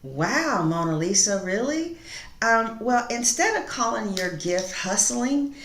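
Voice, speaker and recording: A woman's voice: on the high side, very animated, slow pace, reverberant. A middle-aged woman doing a tarot reading on a live stream and talking back to the chat in a sassy, outspoken way. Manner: sassy, outspoken, talks back to chat with loud laughing asides. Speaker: tarot reader.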